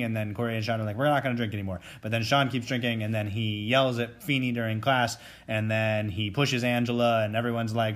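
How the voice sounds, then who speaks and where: A man's voice: on the low side, fairly even intonation, a little fast, few pauses, a bit bright. A man co-hosting a podcast and recapping episodes, casual, blunt and wry, swearing freely. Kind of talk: casual chat.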